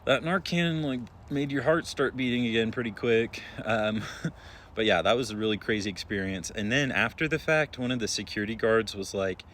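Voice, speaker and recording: A young man, an emergency room nurse, telling a story to his followers in a chatty, relaxed way with lots of filler words. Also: medium pitch, normal speed, a little hiss or hum.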